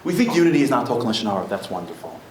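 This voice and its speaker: A man's voice: big pitch swings, very fast, darkish tone, a little hiss or hum. A dramatic male speaker in an echoey hall. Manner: dramatic storyteller who climbs to high, emphatic peaks. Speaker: motivational speaker. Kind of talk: live storytelling lecture. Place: synagogue lecture hall. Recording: echoey hall with faint room ambience.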